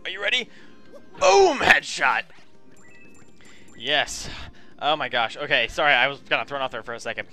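A man's voice: mid-range voice, expressive, very fast, few pauses, sharp tone, faint music behind. A man giving chatty video game commentary, often calling viewers his friends and apologizing for what he says. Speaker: let's play host.

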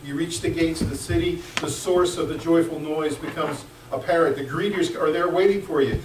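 A man preaching a sermon as pastor, lively and joking, swinging between hushed asides and loud bursts. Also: a little high, moderate pace, hardly any pauses, slight background noise. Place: church sanctuary. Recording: echoey church room, mic at a distance.

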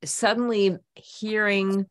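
An older woman from New York who co-hosts a podcast as a mother, asking questions gently and hesitantly, with fillers. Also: mid-range voice, flat delivery, slow pace. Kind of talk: conversational interview.

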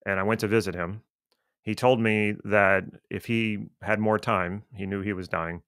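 A man's voice: fairly low pitch, fairly even intonation, normal speed, fairly bright tone, smooth, no room sound, clean studio sound. A man who coaches and teaches, explaining ideas to viewers in a conversational, reflective way. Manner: conversational, reflective, with frequent restarts.

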